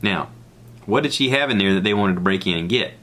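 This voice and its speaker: A man from the American South with a Southern accent, hosting a podcast and telling a rambling, animated story alone. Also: fairly quick. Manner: rambling, animated, acts out others' lines in a high voice. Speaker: podcast host. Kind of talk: casual solo storytelling.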